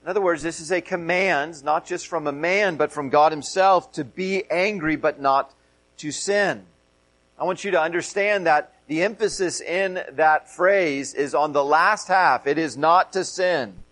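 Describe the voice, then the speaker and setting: A middle-aged man preaches from the pulpit in an earnest tone, circling back to repeat and stress his key phrases. His speaking voice sits somewhat high for a man. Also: unhurried, fairly bright tone, poor audio. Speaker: pastor. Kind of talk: sermon.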